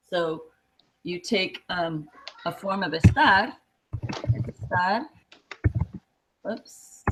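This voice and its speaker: A woman with a lowish voice teaches a class in a classroom. She explains patiently, step by step, with plenty of ums. Faint noise sits under the recording. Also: rough recording. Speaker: Spanish teacher. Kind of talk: classroom lesson.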